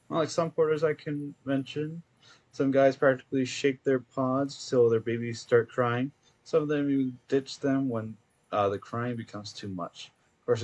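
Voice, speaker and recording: A man's voice: medium pitch, darkish tone, close to an everyday voice. A man reading out the letter of an earnest, emotional male courier in a video game, heartfelt and rambling with fillers.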